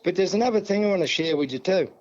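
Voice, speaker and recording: An older man from New South Wales with an Australian accent, telling a long story in a relaxed interview and acting out the dialogue. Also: high voice, very fast. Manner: yarning, acts out dialogue, many "see?" and "mate". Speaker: guest elder. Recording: dull lo-fi sound.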